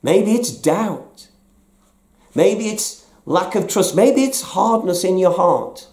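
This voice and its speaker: A male pastor delivers a slow, hushed sermon, often sinking to a near whisper. His voice is mellow and dark. The room around him rings with echo. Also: high voice, animated. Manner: slow, soft-spoken, dropping to near whispers.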